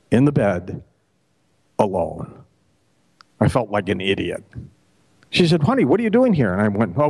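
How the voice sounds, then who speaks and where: A middle-aged man, a radio host, telling a long joke at a festival stage and acting out each character with sudden pitch jumps. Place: festival stage before an audience.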